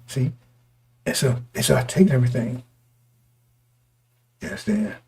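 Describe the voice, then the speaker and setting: A man preaching a sermon to his congregation, his voice going hoarse, talking in repetitive, stop-start bursts and often asking listeners whether they understand. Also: medium pitch, lively intonation, moderate pace, a little mellow. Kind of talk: street-style sermon to a congregation.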